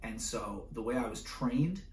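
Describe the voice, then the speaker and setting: An animated male teacher lecturing a class, constantly checking in with his listeners. His mid-pitched voice sounds roomy and echoey, picked up from a little distance off the mic. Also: measured pace, slight background noise. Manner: animated, acts out scenarios with voices, keeps asking "right?".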